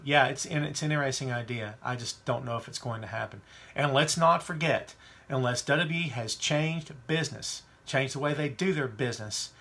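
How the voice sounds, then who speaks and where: This man's medium-pitched voice comes across pushed and bright. He hosts a wrestling podcast, chatting casually, offering strong opinions, and reading out questions from the live chat.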